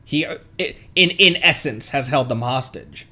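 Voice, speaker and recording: A man giving casual livestream reaction commentary, rambling and hesitant with many restarts and bursts of excitement. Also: mid-range voice, normal speed. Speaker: streamer.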